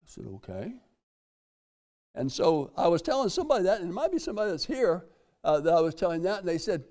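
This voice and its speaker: A man's voice: sits high, very animated, fairly quick, darkish tone. Folksy older preacher man. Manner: folksy, repeats phrases, reads scripture aloud. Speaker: pastor. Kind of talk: sermon.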